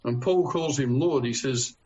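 Halting male preacher, slightly dull sound. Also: mid-range voice, darkish tone. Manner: halting, many fillers and restarts, emphatic on key phrases. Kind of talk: sermon.

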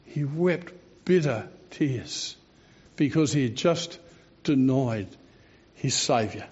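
A man preaching a sermon, telling the story expressively with dramatic slowdowns. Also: medium pitch, expressive, darkish tone. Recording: dull lo-fi recording.

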